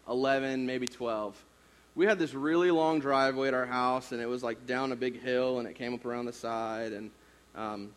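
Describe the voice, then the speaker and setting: A man's voice: medium pitch, a bit bright. A man in his thirties, a youth pastor, preaching a sermon through a casual personal story full of fillers.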